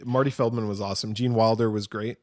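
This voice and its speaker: A man's voice: on the low side, fairly even intonation, fast, a little mellow, no echo, clean studio sound. A man co-hosting a podcast, chatting casually and telling rambling, jokey stories. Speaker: podcast co-host. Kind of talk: casual chat.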